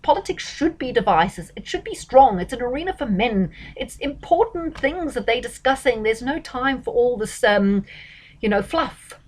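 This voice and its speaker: A woman's voice: on the high side, lively intonation, moderate pace, a little mellow. A woman giving casual astrology commentary, chatty and emphatic, with frequent fillers and self-corrections.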